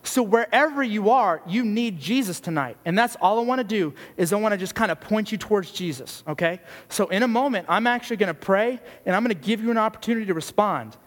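A youth pastor delivers a sermon in a plain, earnest, casual way, speaking straight to young listeners. His voice sits high for a man. A long echo trails each phrase in the large hall. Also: animated, fast, hardly any pauses. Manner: blunt, earnest and conversational, with many "like"s. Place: church youth gathering hall.

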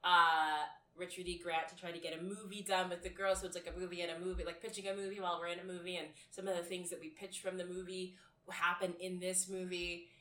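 A woman co-hosting a podcast, retelling scenes in animated casual chat. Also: fairly low pitch, quick pace. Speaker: podcast co-host. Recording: echoey room, far from mic.

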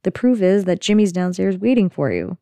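A woman's voice: fairly low pitch, sing-song, brisk, mellow, no echo. A woman voicing a sarcastic, dry-witted middle-aged sitcom mother while retelling an episode. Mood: wry.

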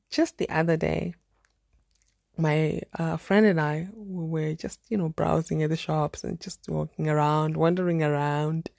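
A young woman from Zimbabwe with a Zimbabwean accent, hosting a podcast and telling a dating story in a chatty, animated, exclamatory way. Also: on the low side, dry recording, studio quality. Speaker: podcast host. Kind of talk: casual storytelling monologue.

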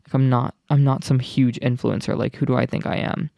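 A young man hosting his own podcast, chatting casually in an excitable, rambling way full of asides. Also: mid-range voice, fairly quick, gravelly, no echo, clean studio sound. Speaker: podcast host. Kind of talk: casual solo podcast chat.

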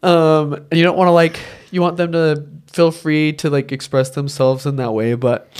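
A man's voice: on the high side, steady tone, moderate pace, few pauses, a little mellow, smooth. A man co-hosting a podcast, talking about films in a casual, earnest and emotional way with lots of fillers. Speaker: podcast co-host. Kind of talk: casual film review chat.

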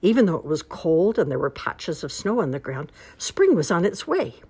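A woman reads a children's storybook aloud in a low voice. Her pitch rises and falls with lively expression. The telling is slow and careful. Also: husky. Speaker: storybook reader.

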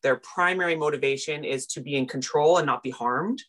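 Low-voiced woman telling a lively story. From Canada. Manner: animated, self-deprecating, quick retellings with big pitch jumps in quoted moments. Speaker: guest, personal finance coach. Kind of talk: casual interview storytelling.

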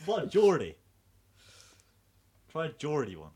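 A young man, co-hosting a podcast in casual chat, animated and laughing a lot. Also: fairly high pitch, slow, very noisy. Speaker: podcast co-host.

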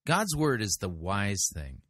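A man's voice: on the low side, sing-song, slow, fairly bright tone, husky, dry recording, clean studio sound. A man commenting on a sermon clip, sarcastic and pointed, firing rhetorical questions. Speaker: podcast critic, sermon reviewer.

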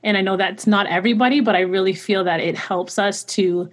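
A woman who sings opera, talking earnestly in a casual interview, full of "like" fillers and quick laughs. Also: medium pitch, fairly even intonation. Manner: chatty and earnest, filler-heavy with frequent "like"; laughs often while talking. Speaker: opera singer, interview guest.

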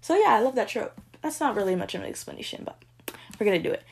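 A young woman chatting casually and gushing as she ranks romance book tropes, swinging between excited squeals and soft murmurs. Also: medium pitch, fast talker, slight background noise. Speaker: book vlogger ranking tropes. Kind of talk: casual chat.

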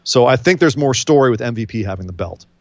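A man co-hosting a casual wrestling predictions chat, rambling and animated, full of jokes and quick asides. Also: medium pitch, no echo. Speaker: podcast co-host.

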